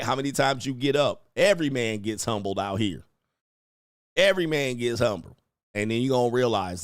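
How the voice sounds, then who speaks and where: This podcast host has a medium-pitched voice, recorded with studio quality and no room sound. Running a casual commentary stream, he's brash and profane, chuckles often, and keeps tagging his lines with "all right?" as a verbal tic.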